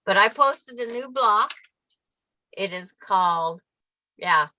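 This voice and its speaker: A woman chats slowly and easily as she crafts, describing each step as she goes. Her voice is bright and forward, at a middle pitch. The sound is close and dry. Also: lively intonation, no echo, rough recording. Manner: narrates what she is doing, laughs easily. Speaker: quilting co-host. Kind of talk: casual chat while crafting.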